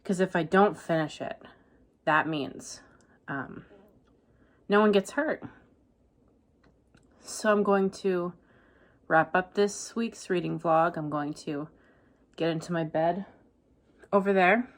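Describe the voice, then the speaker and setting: Woman, book vlogger, low-ish voice, dry deadpan delivery tipping into ranting. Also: slow, pauses often. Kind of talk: casual reading vlog.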